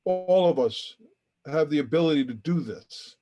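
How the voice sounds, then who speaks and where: A man's voice: on the high side, lively intonation, normal speed. A man who is a guest on a podcast, telling a story with feeling and acting out the quoted dialogue. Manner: emotional, earnest. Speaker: interview guest, charity founder.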